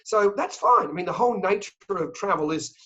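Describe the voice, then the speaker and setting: Excitable Australian man, dull lo-fi audio. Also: sits high. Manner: fast, excitable, joking. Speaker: travel company sales director. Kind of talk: interview.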